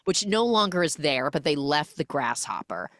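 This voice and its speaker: A woman's voice: deep voice, moderate pace, no room sound, studio quality. A woman hosting a podcast, recapping a film in casual chat and acting out the characters as she goes. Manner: animated storytelling, acts out the characters. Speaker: podcast host.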